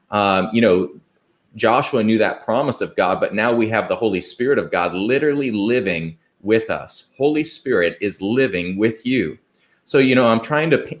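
A man preaching an earnest, conversational sermon, asking rhetorical questions and quoting scripture. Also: on the low side. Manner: conversational, with fillers and restarts.

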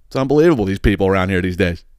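A man's voice: sits low, racing, clear, resonant tone, dry recording, clean studio sound. Profane, heated man telling a story. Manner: profane, heated, animated retelling with frequent restarts. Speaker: podcast host. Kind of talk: casual storytelling monologue.

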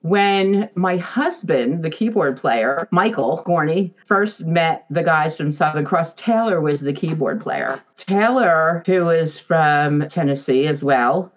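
A woman's voice: low-pitched, slow pace, hardly any pauses, rough recording. A woman, a former lighting designer for a band, reminiscing in an interview, chatty and laughing often as she tells stories. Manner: chatty storyteller who laughs often and acts out quotes.

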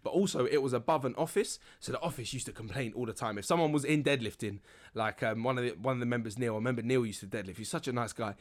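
A young man hosting a relaxed solo podcast, rambling with lots of fillers and laughing now and then. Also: mid-range voice, fast talker. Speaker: podcast host.

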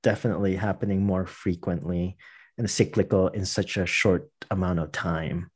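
Husky-voiced American man, casual chat. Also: sits low, fairly even intonation, normal speed. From United States. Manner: laughs often, rambling with restarts.

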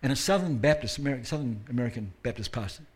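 With a breathy edge, lively intonation, and a medium-pitched voice, a guest preacher talks fast through a sermon at a church service. His delivery is conversational, marked by self-deprecating asides and emphasis that climbs as he goes.

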